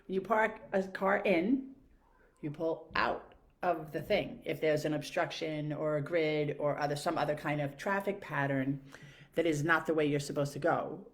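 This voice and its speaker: A woman telling exasperated, animated stories in a casual monologue rant, swearing freely. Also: mid-range voice. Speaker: podcast host.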